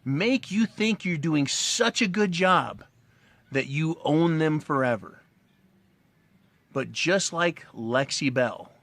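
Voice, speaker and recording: On the high side and fairly bright, this middle-aged man's voice has no room sound. He hosts a commentary channel, puffing a cigar through a crude, blunt, rambling monologue to camera and repeatedly asking "right?"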